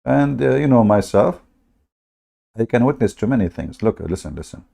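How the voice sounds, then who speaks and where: A man's voice: mid-range voice, lively intonation, normal speed, vocal fry, warm tone. A man hosting a livestream, telling a story in a mocking, sarcastic way in broken English. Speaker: host of a livestream. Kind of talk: livestream commentary.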